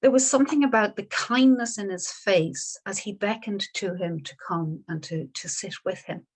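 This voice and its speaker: A woman, a Buddhist teacher telling a story in a dharma talk, gentle and unhurried with small restarts. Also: medium pitch, slightly rough.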